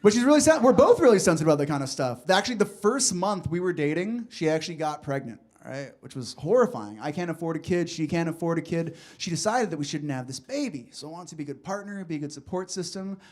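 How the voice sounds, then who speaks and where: Guy doing stand-up in a comedy club, kinda high voice, laid back and chatty with the crowd. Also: lively intonation, fast, few pauses, a little mellow. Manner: loose, chatty crowd work with frequent laughs. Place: comedy club stage before a live audience.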